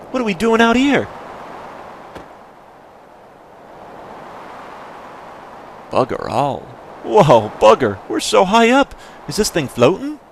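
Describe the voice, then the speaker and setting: A man voicing a cocky young female thief in a higher, exaggerated slangy mock accent, reading video game dialogue aloud. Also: fairly bright tone, slight background noise, exaggerated voice.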